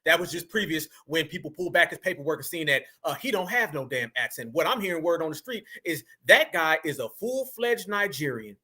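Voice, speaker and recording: A man hosting a reaction commentary, talking in an animated, slangy way and addressing viewers as family. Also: a little high, brisk, few pauses, husky. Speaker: commentary host.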